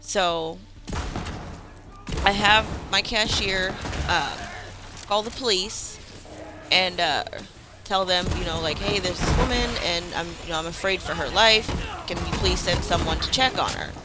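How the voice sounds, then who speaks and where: A woman's voice: on the low side, a little slow, rough recording. A woman gaming streamer telling a story casually while she plays, with lots of fillers, breaking off now and then to react to the game. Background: game music.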